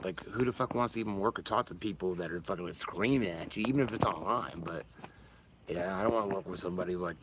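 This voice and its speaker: A man's voice: low voice, noisy background. A man, rambling casually and swearing freely on a livestream while answering chat. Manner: rambling, profane, laid-back.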